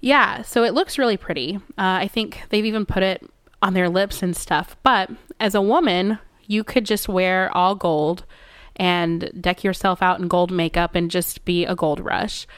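Chatty woman with a smooth voice. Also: on the low side, a little slow, dry recording. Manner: chatty, self-mocking, lively storyteller. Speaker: podcast co-host. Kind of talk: casual chat.

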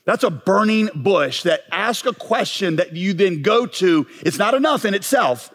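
A man preaching a sermon as pastor, emphatic and building to forceful peaks. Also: sits high, lively intonation, normal speed. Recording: long reverb of a large hall.

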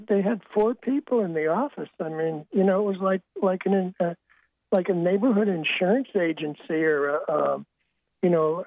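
A man's voice: sits high, creaky, no echo. Older man telling stories down a phone line. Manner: halting, many restarts, wry anecdotes. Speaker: sportswriter guest. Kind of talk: storytelling interview. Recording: tinny dry phone line.

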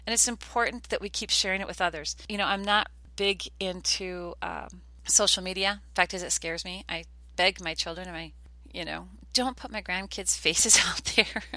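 A woman's voice: on the low side, fairly even intonation, normal speed, bright, forceful tone, no room sound. An older woman hosting a podcast, talking in an earnest, chatty way and telling stories. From United States. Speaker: podcast host. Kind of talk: casual podcast talk.

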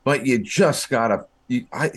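A man talking casually on a talk show, animated and often restarting his sentences. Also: mid-range voice, measured pace.

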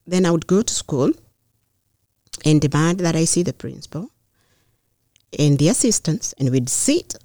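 A middle-aged woman speaks in a lowish, earnest voice, taking her time and pausing to think as she tells her story. The sound is dry and close, with no room around it. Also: dark tone, no echo. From Kenya. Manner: measured, earnest, pauses with fillers. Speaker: mayoral candidate, guest. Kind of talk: personal storytelling in conversation.

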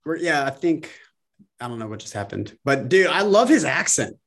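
A man's voice: a little high, sing-song, moderate pace, fairly bright tone. A man hosting a casual online chat, enthusiastic and playful as he greets viewers. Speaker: host.

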